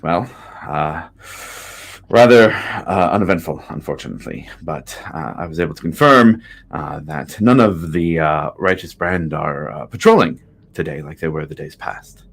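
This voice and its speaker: A man's voice: rumbling low, moderate pace, creaky, heavily acted. A man doing a shy, polite rat. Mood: timid. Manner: quiet, hesitant, polite. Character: polite male rat in a cloak.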